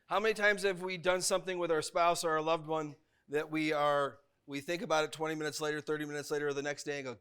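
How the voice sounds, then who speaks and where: A man's voice: a little high, fairly even intonation, quick pace, fairly bright tone, clear, resonant tone. A man, a chaplain talking to couples in a workshop in a plainspoken, folksy way.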